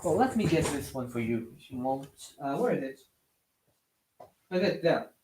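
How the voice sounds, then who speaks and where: A live streamer chatting casually while building with LEGO, answering viewer comments in slightly awkward non-native English, with lots of pauses and restarts. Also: mid-range voice, expressive, background noise. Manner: hesitant, many fillers and restarts.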